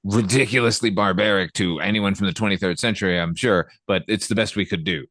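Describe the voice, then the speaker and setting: A man's voice: on the low side, brisk, a bit bright, dry recording. Podcast co-host, man, dry close-mic sound, wry and sarcastic interjections. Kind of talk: casual film discussion.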